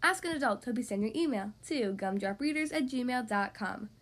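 Upbeat woman host, kids' story reader, high lively voice. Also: moderate pace. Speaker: podcast host reading to kids. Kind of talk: children's storybook reading.

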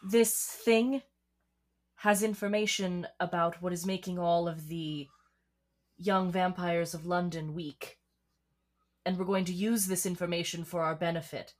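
A woman playing a tabletop character in a poised, arch and coolly persuasive way. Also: on the low side. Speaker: player.

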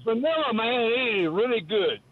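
A man's voice: very high voice, lively intonation, normal speed, no echo. A man calling in to a sports radio show, rambling and jokey, stammering over his words, heard on a tinny phone line. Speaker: regular caller. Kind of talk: call-in chat.

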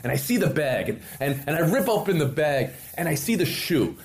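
A man's voice: a little high, fairly quick, few pauses. A middle-aged man, a podcast guest, telling a long story with lots of energy and putting on voices for the people in it. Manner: lively, theatrical, acts out other people's lines. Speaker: interview guest. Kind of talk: animated storytelling.

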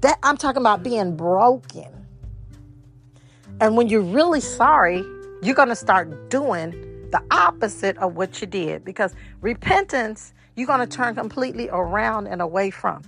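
A middle-aged woman preaches a sermon, repeating key words and turning to her listeners with direct questions. Her voice has a gravelly fry at the bottom of its middling pitch. Faint music plays beneath her. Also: lively intonation, moderate pace, fairly bright tone.

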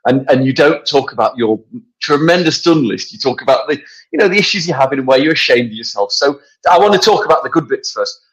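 A man's voice: mid-range voice, expressive, quick pace. A man hosting a podcast, asking his guest questions in a jokey, stumbling way. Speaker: podcast host. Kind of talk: casual interview chat. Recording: dull echoey room sound.

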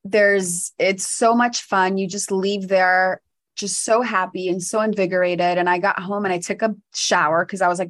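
A woman co-hosting a podcast, telling a lively story in casual chat and laughing often. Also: medium pitch, normal speed. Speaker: podcast co-host.

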